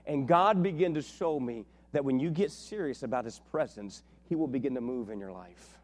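A man preaching a sermon as a pastor, telling a story with lively acted-out dialogue. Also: mid-range voice, moderate pace. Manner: animated storytelling, acts out dialogue with big swings in loudness. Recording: long reverb of a large hall.

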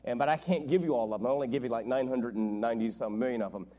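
A middle-aged man preaching as a visiting pastor, telling jokes and family stories in an animated way. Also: mid-range voice, racing. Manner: joking, animated storytelling. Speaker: guest preacher. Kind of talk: sermon.

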